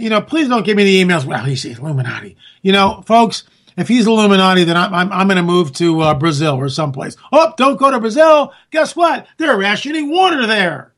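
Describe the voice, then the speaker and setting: A man's voice: high-pitched, fairly bright tone. A man hosting a political talk show, ranting sarcastically to his listeners. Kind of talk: political commentary monologue.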